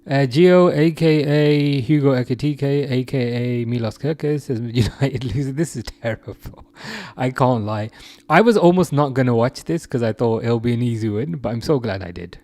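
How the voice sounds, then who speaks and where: A man's voice: mid-range voice, normal speed, mellow, dry recording. Young man, from England, live stream host, casual chat, laughs a lot, restarts sentences, dry close mic. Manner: chatty, laughs often, many restarts and fillers. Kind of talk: casual live chat reading viewer comments.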